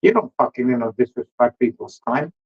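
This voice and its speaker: A man's voice: medium pitch, expressive, a little fast, husky. A man who owns a cigar shop, telling stories on a podcast in a blunt, emphatic way and swearing freely. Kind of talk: casual storytelling on a podcast. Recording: dull lo-fi podcast audio.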